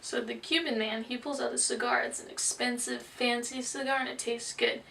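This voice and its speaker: Gravelly woman interpreter telling jokes. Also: fairly high pitch, fairly even intonation, a bit bright, slight background noise. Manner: storytelling, brisk joke delivery. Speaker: sign language interpreter. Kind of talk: voicing signed jokes. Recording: distant mic.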